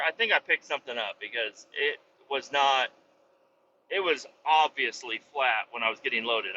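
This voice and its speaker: Podcast host: young adult man, piercingly bright, fairly high voice, profane animated rant; slightly dull recording with faint ambience. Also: a little hiss or hum. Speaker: podcast host, truck driver. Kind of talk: casual solo podcast rant.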